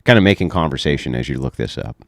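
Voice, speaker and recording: A man with a very low, deep radio voice that still swings widely in pitch as he hosts a live online debate. He is calm and probing. The sound is close and dry. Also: fast talker, no echo. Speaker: debate host.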